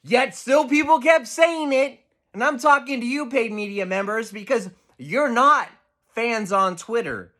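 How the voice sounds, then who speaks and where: A man's voice: extremely high pitch, measured pace, bright, forceful tone. A man, a sports radio host, delivering a heated, profane football rant full of exasperation.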